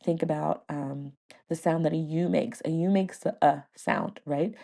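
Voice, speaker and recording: A woman who hosts a podcast and teaches first grade, telling a casual story with lively delivery, frequent laughter and playful mimicry of words. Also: low-pitched, measured pace, gravelly.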